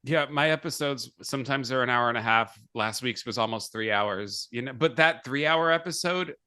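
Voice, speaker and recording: Male podcast host, animated and self-deprecating, bright tone. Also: mid-range voice, moderate pace, smooth. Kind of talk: casual podcast chat.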